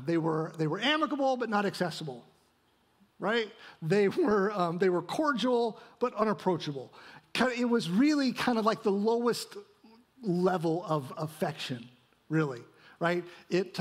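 A male pastor delivering a sermon, asking rhetorical questions and tagging points with "right?". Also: sits high. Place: church sanctuary.

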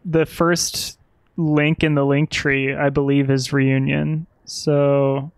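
A man's voice: fairly high pitch, level tone, slow pace, clear, resonant tone, no room sound. A man hosting a casual livestream chat, friendly, laughing often, with small stammers. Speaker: host.

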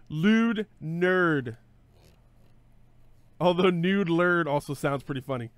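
Rambling, joking man, slightly high voice. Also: slow pace, pauses often, smooth, dry recording. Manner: rambling, joking, thinking aloud; self-correcting with frequent fillers. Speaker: streamer host. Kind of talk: casual live-stream chat.

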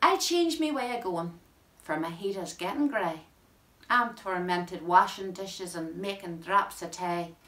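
A woman with a Northern Irish accent and a fairly low, fairly bright voice reads a dialect poem unhurriedly, speaking as a rueful, greying bachelor farmer in broad rural speech. The sound is roomy, from a distant mic.

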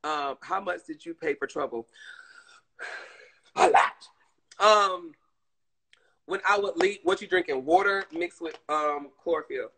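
A woman chatting casually on her live stream, animated and swearing freely, calling her viewers "girl". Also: lowish voice, slow, long pauses, slightly rough, poor audio.

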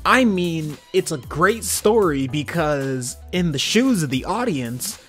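A man's voice: a little high, expressive, slow, a bit bright, soft background music. A young man giving casual, slangy commentary on a cartoon episode, laughing often. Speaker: video commentator.

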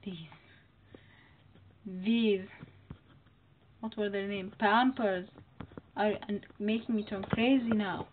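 A woman narrates her horror game playthrough. She talks back to the game's characters in a chatty, excitable way. Her voice sounds narrow and tinny, as if it came down a phone line, with steady noise hissing underneath. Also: medium pitch, takes it slowly, pauses often. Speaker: gamer. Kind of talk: horror game let's-play commentary. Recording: muffled phone-like audio with noise.

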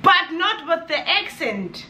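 A young Namibian woman with a Namibian accent, ranting in a casual vlog with exasperated, animated energy and laughing asides. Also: extremely high pitch, slow pace, reverberant, noisy background. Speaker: vlogger.

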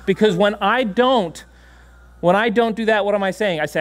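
A man preaching a sermon in a church, animated and laughing often, giving commands to a dog on stage. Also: sits high, normal speed. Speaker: pastor. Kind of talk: sermon with a live dog demonstration. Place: church sanctuary.

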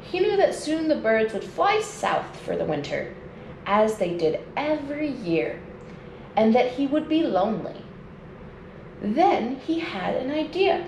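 Slow, expressive woman reading a storybook. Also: fairly high pitch, vocal fry. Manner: slow, expressive read-aloud. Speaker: nature educator. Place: indoors at home. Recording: echoey room with faint noise.

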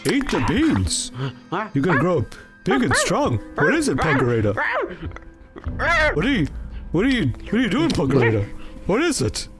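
A man doing a goofy, dim toy monster. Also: fairly high pitch. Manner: goofy, talks to the dog in a silly voice. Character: big blue male toy monster, dim and easily confused. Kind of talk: comedy skit voice acting.

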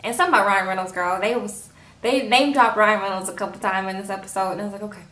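A woman's voice: medium pitch, steady tone, fast, fairly bright tone, far from the mic. A woman recapping a TV episode in a casual, chatty way, acting out the characters' lines as she goes. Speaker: TV episode reviewer. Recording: roomy echo, a bit off-mic.

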